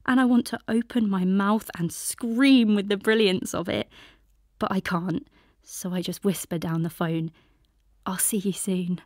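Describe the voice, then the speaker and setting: A woman narrating a first-person audiobook in a soft, intimate voice that often drops to a whisper. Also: medium pitch, measured pace, no echo, studio quality.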